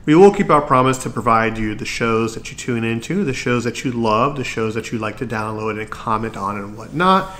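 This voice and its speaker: A man's voice: medium pitch, moderate pace, hardly any pauses, a bit bright. A man hosting his own podcast, talking earnestly and encouragingly, sometimes tripping over his words. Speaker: podcast host. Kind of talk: solo podcast talk.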